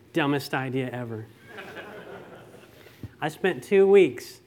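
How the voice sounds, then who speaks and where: A middle-aged pastor preaching a conversational sermon, telling stories and asking rhetorical questions. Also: male voice, high-pitched, expressive, normal speed, a little hiss or hum.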